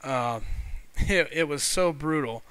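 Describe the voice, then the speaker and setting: Streamer type, man with a Missouri accent, bright and crisp, friendly chat, dry close mic. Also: a little high, takes it slowly, dry recording. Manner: chatty, friendly, reads viewer comments aloud. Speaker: streamer hosting a live game stream. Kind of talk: casual live-stream chat.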